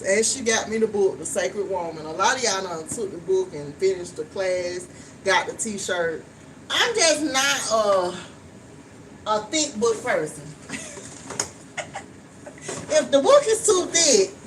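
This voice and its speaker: A woman chatting frankly to viewers while she cooks in her home kitchen. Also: medium pitch. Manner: chatty, frank, talks straight to viewers, swears casually. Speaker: vlogger. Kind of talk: casual chat while cooking. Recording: distant mic with steady background noise.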